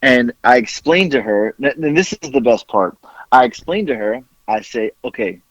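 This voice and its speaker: Guy on a podcast telling a wild story, bouncy kinda high voice, dull lo-fi sound. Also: moderate pace, slight background noise. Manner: animated, swearing, acting out both sides of a phone call. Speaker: podcast host.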